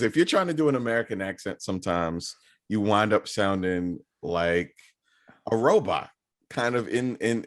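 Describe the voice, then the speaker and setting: A man co-hosting a movie review podcast, casual and halting, swearing now and then. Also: medium pitch, a bit bright. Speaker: podcast co-host.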